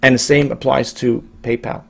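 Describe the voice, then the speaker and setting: Middle-aged guy from new york rambling on about his day, gravelly and kinda husky. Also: medium pitch, little pitch movement, normal speed. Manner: rambling, repeats and restarts, emphatic. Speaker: online reseller vlogger. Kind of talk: casual monologue to camera.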